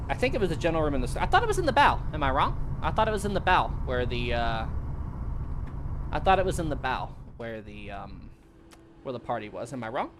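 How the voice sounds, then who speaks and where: A man's voice: medium pitch, background noise. A man hosting a livestream, giving casual, rambling gameplay commentary with frequent laughter. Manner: laughing, rambling, chatty asides. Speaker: livestream host.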